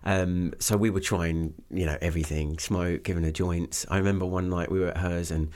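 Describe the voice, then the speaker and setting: A man's voice: low-pitched, fairly even intonation, moderate pace, darkish tone. A man with an English accent, chatting casually as a guest and rambling with many fillers. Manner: rambling, full of fillers and restarts. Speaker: guest, business owner. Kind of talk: casual conversation.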